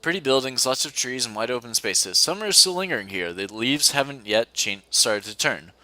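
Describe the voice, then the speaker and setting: A young man reads a visual novel aloud for a co-op video, breaking off into playful, giggly asides. His voice is bright and forward. The recording is dry, from a desk mic. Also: mid-range voice, animated, fairly quick, no room sound. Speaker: let's-play host reading a visual novel. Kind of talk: casual co-op game commentary and read-aloud. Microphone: desk mic at a computer.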